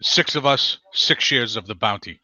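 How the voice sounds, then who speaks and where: A man's voice: mid-range voice, normal speed, sharp tone, no echo, poor audio. A man voicing a towering human warrior who speaks in terse, clipped, businesslike lines. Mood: gruff.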